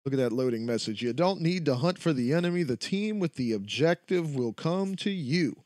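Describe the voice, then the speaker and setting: A man's voice: on the high side, expressive, a little fast, darkish tone, no echo, studio quality. A man streaming a shooter game live, chatting casually with loose, profane, joking trash talk. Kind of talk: casual live-stream chat while gaming.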